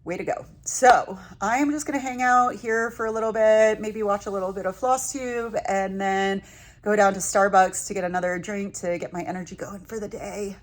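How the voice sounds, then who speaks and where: A woman's voice: medium pitch, steady tone, normal speed. Casual woman vlogger, self-deprecating storyteller, phone-camera talk. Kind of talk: casual vlog chat.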